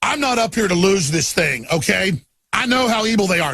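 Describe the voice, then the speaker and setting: A middle-aged man delivering an impassioned rant, swinging from low, intense muttering to loud shouting, with a gravelly, husky voice. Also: expressive, fairly quick. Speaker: talk show host.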